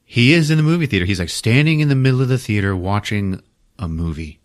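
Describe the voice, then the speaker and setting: A man casually recapping a film for a podcast, swearing often, laughing and acting out quick character bits. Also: fairly low pitch, lively intonation. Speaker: podcast host.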